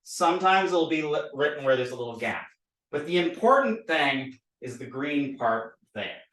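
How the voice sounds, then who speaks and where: Lively man teaching in a roomy space. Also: a little high, moderate pace, distant mic. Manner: playful, repetitive drilling, animated. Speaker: language teacher. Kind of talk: recorded lesson, drawing letters. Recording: roomy, a bit off-mic.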